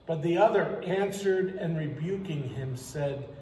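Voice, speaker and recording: A man, preaching as pastor, reads scripture in an unhurried, deliberate way. His tone is soft and a little high. A long church-hall echo trails each phrase, with faint noise under it. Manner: slow, deliberate scripture reading. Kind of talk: Good Friday sermon. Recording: echoey church hall reverb.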